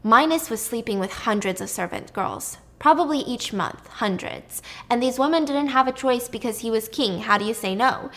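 A woman's voice: fairly high pitch, normal speed, hardly any pauses, a bit bright. A woman casually retelling a myth in a chatty, irreverent way, swearing now and then. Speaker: storyteller.

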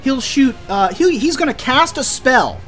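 Casting: easygoing game master with a lively, wandering delivery. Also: high voice, measured pace, faint music behind. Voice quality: relaxed, chatty, hesitant with fillers. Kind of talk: narrating a tabletop game.

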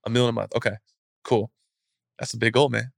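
A man giving a casual motivational talk as a guest speaker, acting out scenes in an animated, storytelling way. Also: medium pitch, a little fast, vocal fry, dry recording, clean studio sound.

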